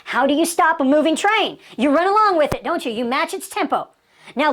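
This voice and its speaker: A woman coaching salespeople in an emphatic, punchy way, firing off rhetorical questions and dropping in personal stories. Her voice sits fairly high and swings widely in pitch. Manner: tells personal anecdotes, laughs now and then. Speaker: sales trainer.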